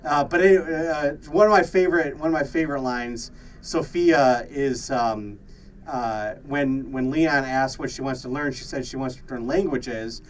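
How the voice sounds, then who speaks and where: A man's voice: medium pitch, normal speed, far from the mic, a little hiss or hum, low-quality recording. A man co-hosting a podcast in casual chat, with lots of fillers and laughter. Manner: laughs often, many fillers and restarts. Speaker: podcast co-host.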